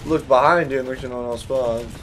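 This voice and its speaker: A young man doing live gameplay commentary, swinging from mumbling to profane, mock-dramatic yelling. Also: mid-range voice, steady tone, fast talker, slight background noise.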